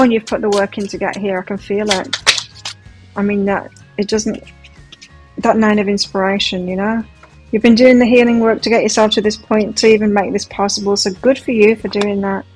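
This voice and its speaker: A woman's voice: medium pitch, poor audio. A woman giving a pick-a-card tarot reading in a gushing, emotive, chatty way. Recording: faint music behind. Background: soft background music.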